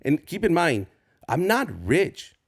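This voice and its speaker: A man's voice: fairly high pitch, very animated, takes it slowly. A man in his forties from Southern California, a stand-up comedian telling loose, profane stories as a guest in an interview. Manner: loose, profane storytelling, acts out voices. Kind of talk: casual storytelling interview.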